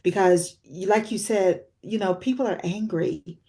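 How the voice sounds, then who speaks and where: A woman's voice: medium pitch, a little slow, dark tone. A woman in her sixties, a guest author sharing a personal story in an interview, reflective and earnest. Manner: reflective, earnest, with frequent fillers. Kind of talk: personal testimony in a talk-show interview.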